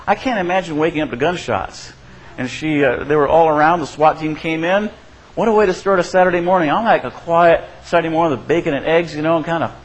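A man preaching a sermon as a pastor, conversational and often checking in with his listeners. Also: low-quality recording. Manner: conversational, asks the congregation "right?"; acts out quoted voices with shifts in pitch and loudness.

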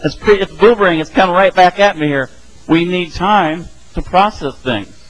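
Man, middle-aged, fairly high voice, casual Bible teaching, conversational, acts out quoted voices. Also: moderate pace, low-quality recording.

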